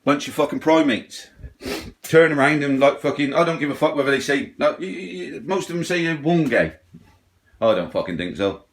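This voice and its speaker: A man's voice: on the high side, lively intonation, normal speed. A middle-aged man rants bluntly, his slightly raised voice peppered with swearing and mocking impressions of other people. He talks in a loose, rambling way, with frequent asides to the listener. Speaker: ranting vlogger. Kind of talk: profane rant.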